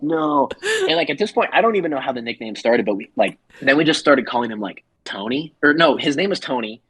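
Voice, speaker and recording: A man tells a story on a podcast in a lively, swooping voice, full of laughs. His tone is slightly husky and the sound is dry and close. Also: mid-range voice, dry recording. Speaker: podcast co-host. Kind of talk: casual storytelling.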